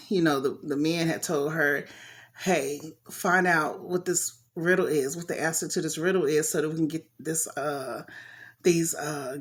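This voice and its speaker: A woman reading a Bible story aloud in a casual way, stopping to comment on it in slangy asides. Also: low-pitched. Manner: chatty, talks back to the story with slang asides.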